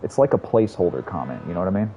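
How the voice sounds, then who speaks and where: A man's voice: sits low, sing-song, very fast, dark tone, a little hiss or hum, rough recording. A man streaming a game, chatting casually and rambling with lots of swearing and self-mocking asides. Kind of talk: casual gameplay chat.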